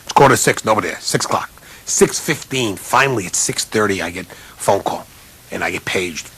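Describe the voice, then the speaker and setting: A college basketball coach telling a self-mocking, animated story in a humorous speech, jumping up in pitch to imitate other people. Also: male voice, fairly quick, creaky, breathy edge. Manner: animated, jumps high for quoted voices.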